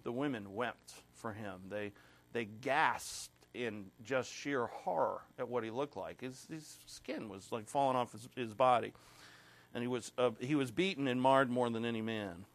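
A man's voice: mid-range voice, fairly bright tone. A man preaching an expository sermon, reading scripture aloud with rising emphasis and growing emotional at times. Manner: emotional, clears throat and pauses. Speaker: pastor.

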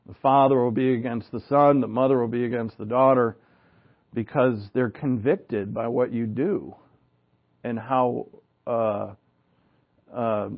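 A man's voice: medium pitch, slightly rough, muffled recording. A man preaching a sermon in an earnest, conversational way, with asides and rhetorical questions. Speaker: pastor.

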